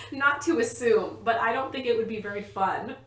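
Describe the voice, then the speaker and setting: A woman's voice: fairly high pitch, unhurried. A woman co-hosting a podcast in casual chat, explaining at length with lots of "like" and frequent laughs. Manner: chatty, laughs often, fills with "like". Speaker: podcast co-host, quizmaster. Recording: roomy echo.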